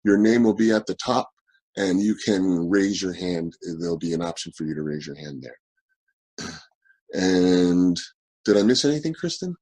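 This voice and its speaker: A man hosts an online forum over a video call. His voice sits low with a husky edge. He talks in a halting way, full of fillers and restarts. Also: expressive, darkish tone.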